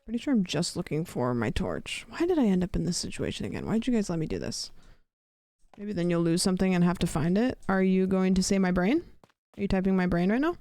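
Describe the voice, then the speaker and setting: Her voice is lowish and dark-toned, sing-song and fast, recorded in studio quality with no room sound. She streams a game casually, swearing as she plays and chatting both to herself and to her viewers.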